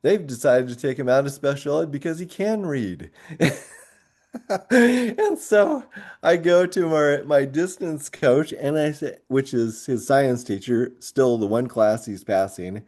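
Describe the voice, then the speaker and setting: A man with a mellow, warm-toned voice recounts a story from his years as a coach. He tells it in an animated, lively way and keeps breaking into laughter. His pitch sits at a middle level for a man. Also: measured pace. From grew up moving around as a military kid. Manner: animated storyteller who laughs often through his tale. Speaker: high school track coach and teacher. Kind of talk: storytelling in a podcast interview.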